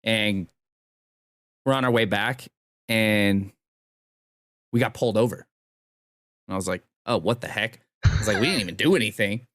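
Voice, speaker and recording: A young man with a somewhat low voice tells a rambling story in a relaxed way. He acts out the other people's lines as he goes. The recording is dry and close, with no room echo. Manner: laid-back, drawn-out anecdotes acting out quotes. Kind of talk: casual storytelling.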